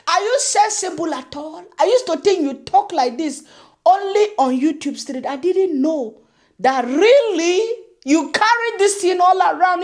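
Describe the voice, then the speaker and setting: A young woman vlogger ranting sarcastically, scolding and laughing often as she reacts. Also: high voice. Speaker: YouTube commentary vlogger. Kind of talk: mocking reaction rant.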